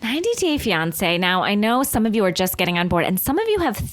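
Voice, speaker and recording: A woman co-hosting a comedy podcast in casual chat, animated and laughing often, acting out quotes. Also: medium pitch, quick pace, noisy background. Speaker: podcast co-host.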